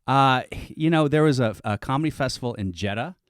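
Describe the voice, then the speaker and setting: A man's voice: mid-range voice, animated, fairly quick, no room sound. A man in a dry close-mic studio, telling a comic story on a podcast in a rambling, self-interrupting way with frequent restarts.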